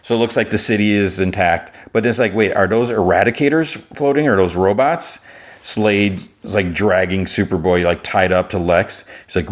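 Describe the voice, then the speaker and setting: A man's voice: fairly low pitch, normal speed. A man hosting a podcast, casually retelling an episode in a rambling way full of fillers and restarts. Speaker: podcast host.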